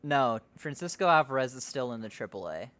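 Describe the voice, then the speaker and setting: A man's voice: mid-range voice, expressive, fairly quick, a bit bright. A man hosting a podcast in a loose, rambling chat, swearing and laughing easily. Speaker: podcast host. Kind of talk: casual chat.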